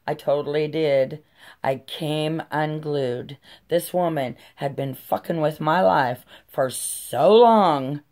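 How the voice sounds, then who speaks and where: Brief: middle-aged woman vlogger, deep low voice, drawn-out pace, frank and profane. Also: darkish tone. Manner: blunt, swears freely, laughs while telling. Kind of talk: casual storytelling.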